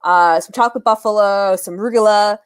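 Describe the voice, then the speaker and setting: A woman's voice: medium pitch, fairly quick, clear, resonant tone. A young woman chatting casually on a livestream, telling stories and laughing often.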